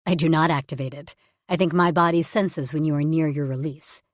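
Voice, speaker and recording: A woman's voice: fairly even intonation, brisk, no echo, clean studio sound, natural voice. A woman doing a growly alien warrior man. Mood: amused. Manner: low, growly, teasing. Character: big male alien warrior, gruff yet tender. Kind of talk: audiobook character voice.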